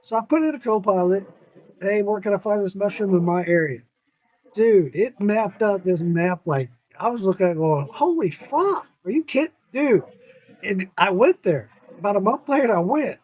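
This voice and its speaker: High-voiced swearing podcast host, a man. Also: moderate pace. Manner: animated storyteller, swears freely, laughs often. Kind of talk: casual chat.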